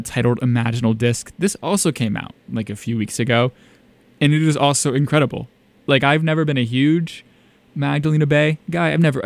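A young man with a gravelly, creaky voice hosts a casual radio music segment. He rambles happily, full of "like" and "um." The sound is dry and close, with no room echo. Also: medium pitch. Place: small radio studio.

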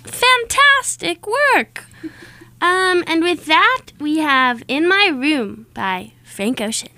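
A woman's voice: sits high, expressive, slow pace, pushed and bright, no echo. A young woman hosting a college radio show, bubbly and encouraging as she introduces songs from a studio.

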